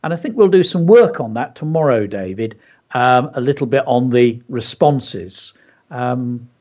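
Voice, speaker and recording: On dull, lo-fi radio audio, a man who is both teacher and radio host leads a children's lesson, reading his own story aloud and breaking off for enthusiastic, chatty asides. His voice sits in the mid range with a darkish tone, lively intonation, and a measured pace.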